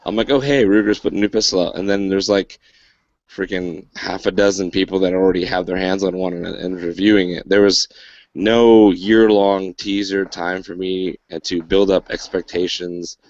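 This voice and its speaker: A man's voice: deep voice, little pitch movement, moderate pace, a little mellow, no echo, highs cut off. A man hosting a casual podcast, talking loosely with lots of fillers and dry sarcasm. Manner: rambling, filler-heavy, wry sarcasm. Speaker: podcast host.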